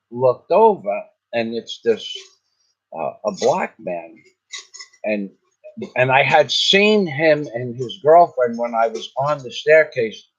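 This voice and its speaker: An older male vlogger with a medium-pitched, husky voice tells a long, rambling story in a casual way, often repeating himself and restarting sentences. The sound is slightly dull and lo-fi.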